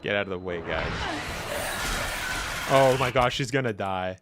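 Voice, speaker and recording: A young man commentating a live game stream in a casual, excitable way, breaking into laughter and calling out to the characters. He talks in an unhurried, drawn-out manner. A steady hiss of background noise sits under his voice. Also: lowish voice. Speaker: gaming streamer.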